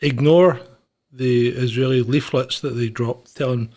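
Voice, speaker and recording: A man's voice: medium pitch, fairly even intonation, a little slow, dark tone. A man from Scotland, co-hosting a casual news chat in an easygoing way and laughing often. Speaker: co-host.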